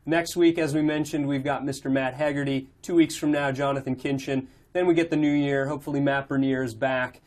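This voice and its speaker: Podcast host guy, mid pitch, easygoing, agrees a lot. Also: steady tone, a little fast, few pauses, darkish tone. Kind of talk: casual podcast discussion.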